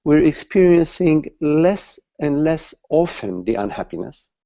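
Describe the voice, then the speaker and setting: A male spiritual teacher gives a satsang talk over dull online call audio, speaking slowly and haltingly and repeating words as he searches for them. His voice is a little high, sing-song and mellow.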